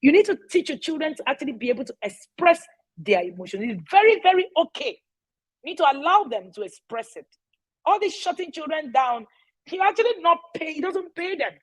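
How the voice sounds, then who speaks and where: High-voiced woman. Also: sing-song, brisk, rough recording. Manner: emphatic, repeats key phrases, asks "all right?". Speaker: parenting educator. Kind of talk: casual talk to parents.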